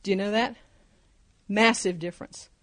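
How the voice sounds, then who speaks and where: Older lady preacher, mid-pitched voice, fervent and emphatic, keeps repeating phrases for punch. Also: normal speed. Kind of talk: sermon.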